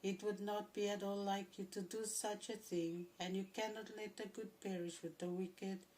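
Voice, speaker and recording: Woman reading scripture in a flat voice. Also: mid-range voice, moderate pace, slight background noise, poor audio. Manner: steady, even reading with occasional throat clearing. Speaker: scripture reader. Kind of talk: Bible reading.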